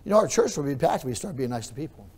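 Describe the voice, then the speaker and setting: A male pastor preaching a sermon, repeating his phrases and moving between quiet storytelling and loud, raised preaching. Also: mid-range voice, very animated, rapid-fire, slightly rough.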